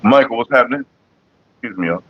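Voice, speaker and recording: A man's voice: mid-range voice, expressive, quick pace, slightly rough, muffled recording. A middle-aged man hosting a casual livestream, talking bluntly and with lots of swearing straight to his chat viewers. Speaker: livestream host.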